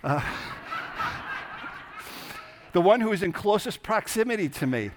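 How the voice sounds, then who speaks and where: A man giving a sermon as a pastor, animated and conversational, acting out voices as he preaches. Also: high voice, quick pace, noisy background. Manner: animated, acts out grumbling voices.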